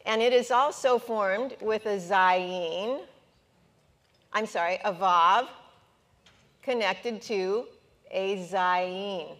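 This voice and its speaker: A woman teaching a class at a board, slow and patient, coaxing her students with questions. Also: mid-range voice, a bit bright. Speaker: Hebrew teacher. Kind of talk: classroom lesson at a whiteboard.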